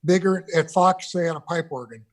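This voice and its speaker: A man's voice: fairly high pitch, fairly quick. An older man, a guest on a video call interview, reminiscing about recording sessions with loose restarts. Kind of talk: conversational interview.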